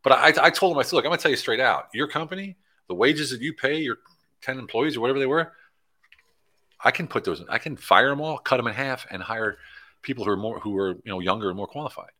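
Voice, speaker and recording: This guest from Pennsylvania, USA, has a medium-pitched voice and talks quickly in a casual interview. His stories are animated, and he acts out the conversations of people he came across.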